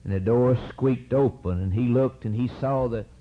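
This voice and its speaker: Preaching man, lo-fi recording. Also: normal speed. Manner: rhythmic preaching, rising to high cries then dropping low. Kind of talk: sermon. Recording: dull lo-fi recording with faint hiss.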